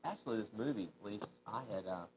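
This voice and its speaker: A man co-host with a fairly low voice chats easily on air, reading viewer mail with plenty of fillers. The audio is dull and lo-fi, like an old TV broadcast. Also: animated, fast talker, darkish tone, slight background noise. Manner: easygoing, reads viewer mail with many fillers. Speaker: shopping channel co-host. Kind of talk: casual on-air chat.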